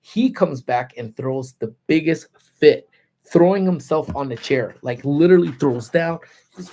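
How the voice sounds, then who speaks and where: A man's voice: fairly high pitch, measured pace, slight background noise. Laid-back man telling stories on livestream. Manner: animated, laid-back slangy talk. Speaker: livestream host. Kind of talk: casual storytelling. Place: parked car.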